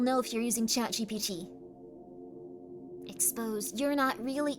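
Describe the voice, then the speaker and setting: A woman's voice: on the high side, unhurried, pauses often. Teasing woman streamer over background music. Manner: teasing and playful, bursting into loud insistent demands. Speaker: livestream host. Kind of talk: casual livestream chat reading viewer messages. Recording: stream with music playing underneath. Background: clear background music.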